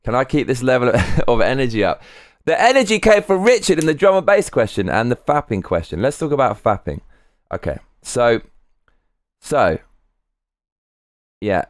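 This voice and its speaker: A man's voice: mid-range voice, big pitch swings, normal speed, pauses often, no room sound, clean studio sound. A man chatting on a live stream, candid and rambling, swearing freely. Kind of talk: casual live-stream chat.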